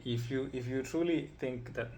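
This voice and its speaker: A man's voice: mid-range voice, moderate pace, background noise. Man rambling through a coaching lesson. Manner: rambling, repeats himself, keeps checking in with "right?" and "you see"; chuckles now and then while explaining. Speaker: empowerment coach. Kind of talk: informal spoken teaching.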